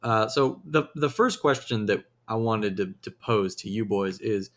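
A man's voice: fairly low pitch, a little slow, a bit bright. A young man with a Southern US accent hosting a podcast in casual, jokey, rambling chat. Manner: rambling, jokey, restarts sentences. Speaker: podcast host.

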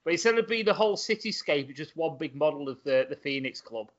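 Excitable higher-voiced podcast man. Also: quick pace, crowd noise. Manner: excitable, swears, laughs often. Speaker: podcast co-host. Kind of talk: casual chat. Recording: dull lo-fi podcast audio.

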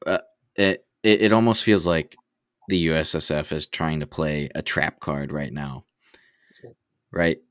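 A man co-hosting a podcast, talking casually with a teasing, energetic manner that picks up volume on his points. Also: extremely low pitch, a little slow, smooth, dry recording, studio quality. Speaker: podcast co-host. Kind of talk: casual chat.

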